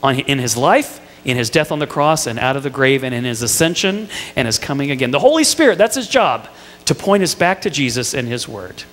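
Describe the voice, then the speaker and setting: A man's voice: mid-range voice, big pitch swings, fairly quick, a bit bright, big-room sound, slight background noise. A middle-aged male pastor preaching a sermon, telling family stories with playful asides to the congregation. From Indiana. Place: church sanctuary.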